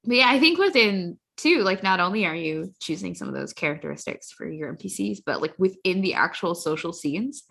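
A woman's voice: fairly low pitch, expressive, a little fast, vocal fry, hardly any pauses, a bit bright, breathy edge. A woman, a game designer, chatting emphatically with fillers and false starts. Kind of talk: casual discussion.

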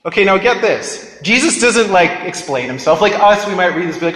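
A man's voice: high voice, animated, a little fast, a bit bright. A man preaching a sermon and reading scripture, talking conversationally and prodding his listeners with asides. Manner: conversational, keeps prodding listeners with "get this" and "right?". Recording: echoey reverberant hall.

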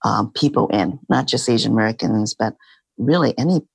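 Middle-aged female guest, husky with a gravelly edge, reflective and halting, dry recording. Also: extremely low pitch, darkish tone, no echo. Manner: halting, reflective, many fillers. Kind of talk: casual interview talk.

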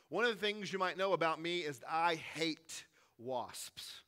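A man in his thirties, a pastor giving a sermon in a conversational, emphatic way that swings between forceful and hushed. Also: on the high side, lively intonation, unhurried, slight background noise.

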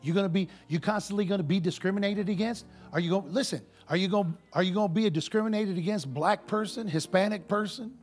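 A man preaching a sermon to a congregation, animated and full of rhetorical questions, in casual everyday speech. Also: high voice, fast, few pauses, soft background music. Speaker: pastor.

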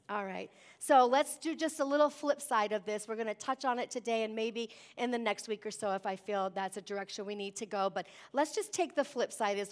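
A woman preaching a sermon, lively and emphatic, often asking the congregation "amen?". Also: mid-range voice. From Wisconsin. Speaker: pastor.

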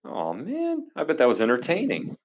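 Animated young man saying dude a lot. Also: fairly high pitch, moderate pace. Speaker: podcast co-host. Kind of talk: casual comedic chat.

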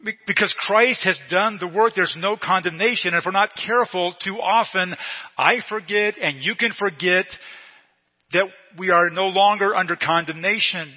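A middle-aged male pastor preaching a sermon slowly and emphatically, repeating key phrases. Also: sits high. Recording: long reverb in a hall, dull lo-fi sound.

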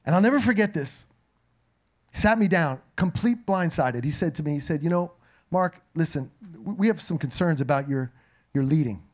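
A middle-aged man preaches a sermon in a high, slightly raspy voice. He tells stories in a loose, conversational way, full of playful asides to the congregation. His pitch sits noticeably above most men's. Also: moderate pace. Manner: conversational, humorous, animated asides. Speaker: pastor. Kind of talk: sermon with storytelling.

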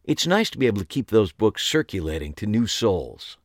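A man's voice: fairly low pitch, big pitch swings, brisk, no room sound, pitched above the performer's own voice. Male reader voicing a bubbly psychic shop owner woman, effusive and chatty, dry close audiobook sound. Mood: proud. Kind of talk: audiobook character voice.

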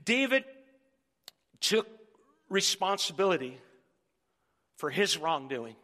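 A middle-aged man preaching a sermon as pastor, animated and joking with the congregation. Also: high voice, slow, long reverb tail.

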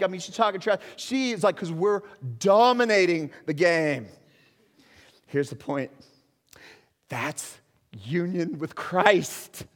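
A middle-aged pastor preaches in an unhurried, deliberate way, his voice sitting a little high for a man. He moves from quiet, confiding asides to rousing exhortation, always earnest. His words ring out with the long reverb of a large church hall. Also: lively intonation. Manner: earnest, swings between soft confiding and loud exhortation. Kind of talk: sermon.

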